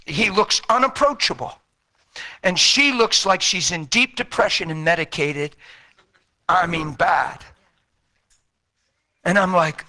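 A man preaching a sermon, telling a story and acting out the dialogue, with folksy, colloquial talk. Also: on the high side. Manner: animated, acts out quoted dialogue in a raised voice. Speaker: traveling preacher. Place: church.

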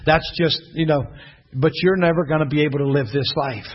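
A male preacher voicing a taunting, discouraging devil, in a lower, husky voice on a dull, lo-fi recording. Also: steady tone, a little fast.

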